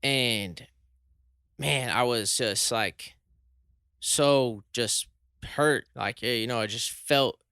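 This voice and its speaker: Bright, crisp-voiced young man telling a story. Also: slow, pauses often, dry recording, clean studio sound. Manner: animated, rises high and loud when shocked. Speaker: podcast co-host. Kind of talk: casual storytelling chat.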